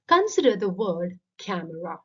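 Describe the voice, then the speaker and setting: Husky lady doing a slow literature lesson voice-over, kinda dull lo-fi sound. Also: fairly low pitch, sing-song, bright, forceful tone. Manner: methodical, explaining step by step. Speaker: literature teacher. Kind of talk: scripted lecture narration.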